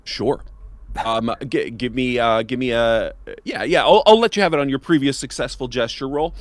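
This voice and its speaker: A man narrating as game master, halting with fillers as he sets scenes and calls rolls. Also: medium pitch, no room sound. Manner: halting, many fillers and restarts.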